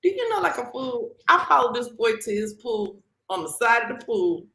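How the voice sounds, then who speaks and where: A woman, a guest on a talk show, telling a story in a casual, animated way and acting out the dialogue. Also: a little high, moderate pace, roomy sound, low-quality recording. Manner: animated, acts out quoted dialogue.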